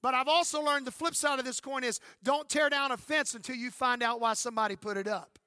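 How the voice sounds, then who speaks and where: Man, 50s, pastor, emphatic sermon, calls for amen, bright tense tone, dry sound. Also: very high-pitched, steady tone, brisk, smooth, no room sound.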